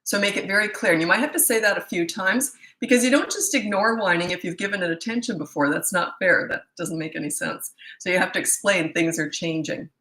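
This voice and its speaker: A woman's voice: fairly low pitch, brisk, hardly any pauses, pushed and bright, roomy sound, low-quality recording. A middle-aged woman, a parenting coach answering viewer questions live, blunt and incredulous, often laughing and mocking the questions.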